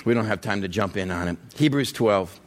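A man preaching a sermon in an animated way, acting out everyday scenes with humor and asking the audience direct questions. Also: on the low side, brisk. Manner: talks straight to the audience with questions. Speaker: pastor.

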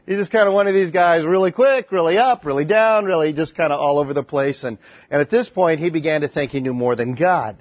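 A male pastor preaching in a conversational, animated storytelling manner with frequent restarts. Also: a little high, brisk, dry recording. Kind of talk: sermon. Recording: dry, slightly dull recording.

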